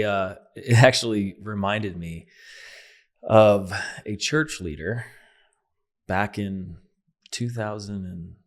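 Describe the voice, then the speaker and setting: Very deep-voiced male podcast host. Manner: friendly, relaxed, hesitant with fillers. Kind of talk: casual interview chat.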